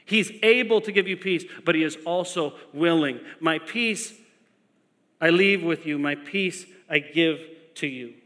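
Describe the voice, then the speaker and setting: A male pastor preaching a sermon, telling stories in an animated way and repeating lines for emphasis. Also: fairly high pitch, unhurried. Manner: animated storytelling with emphatic repetition. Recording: long echo of a large hall.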